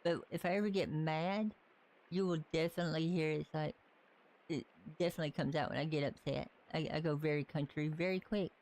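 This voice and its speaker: Speaking a little fast in a mid-range, darkish voice with fairly even intonation, this streamer offers casual live-stream commentary on his gameplay. He's from the Southern United States, has a light Southern accent, and thinks aloud as he plays.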